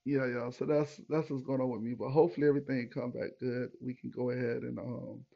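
A man's voice: mid-range voice, level tone, a little fast, gravelly, muffled recording. A young man, hosting a podcast and telling a rambling personal story to his listeners, with many fillers and asides. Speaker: podcast host. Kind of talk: casual storytelling monologue.

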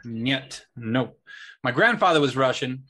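A man's voice: mid-range voice, lively intonation, a little slow, bright, forceful tone. An American man hosting a podcast, chatting in an easygoing, agreeable way with short replies. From United States. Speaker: podcast host. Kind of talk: casual chat.

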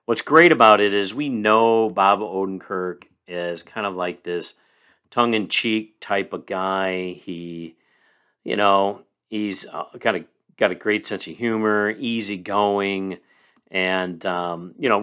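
A man's voice: lowish voice, measured pace, bright, forceful tone, clean tone. A man from Illinois hosting a casual solo podcast, reviewing a movie in an enthusiastic, rambling way.

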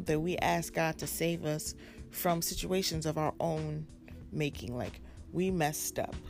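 A woman's voice: sits low, darkish tone. A woman preaching a sermon with an emphatic, repetitive cadence.

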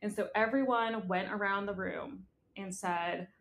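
A woman's voice: mid-range voice, fairly even intonation, measured pace. A woman co-hosting a podcast as a coach, telling stories about herself with dry, self-deprecating humor. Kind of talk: casual conversational chat. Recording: echoey room.

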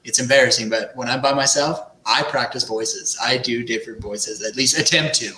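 A man's voice: mid-range voice, normal speed, sharp tone, slight background noise. Upbeat game master man in an echoey room. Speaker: tabletop game master, podcast guest. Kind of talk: casual chat.

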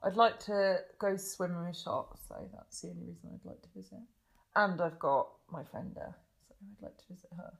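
A woman's voice: on the low side, fairly quick, vocal fry. Giggly, rambling woman. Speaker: podcast co-host. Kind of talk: casual chat.

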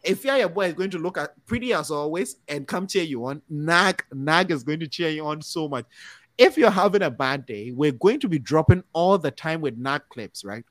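A man's voice: on the high side, expressive, moderate pace, fairly bright tone, no room sound. A man hosting a podcast and signing off in a casual, upbeat, encouraging way, rambling a little and restarting his sentences. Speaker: podcast host.

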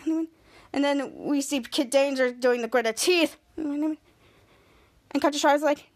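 A woman's voice: sits high, unhurried. A woman hosting a podcast, casually recapping a TV episode in a rambling way with frequent restarts. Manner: rambling retelling with restarts, voices quotes. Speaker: podcast host.

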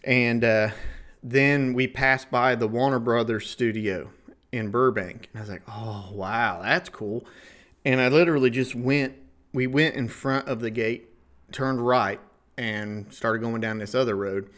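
A man from Ohio with a rural Ohio River valley accent, casually telling a comic travel story as a podcast host, folksy and animated. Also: medium pitch, unhurried. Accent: Ohio River valley, rural Midwestern. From Ohio, USA. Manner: folksy, chuckling, animated retelling.

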